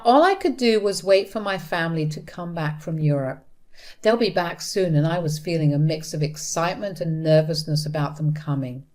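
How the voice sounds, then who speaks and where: A woman's voice: on the low side, darkish tone. A woman narrating a first-person story in a bitter, blunt manner.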